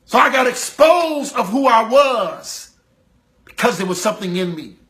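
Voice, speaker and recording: High, bright-voiced preacher man. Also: sing-song, a little slow. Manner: impassioned, rhythmic repetition, swings from loud calls to low intensity. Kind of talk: sermon.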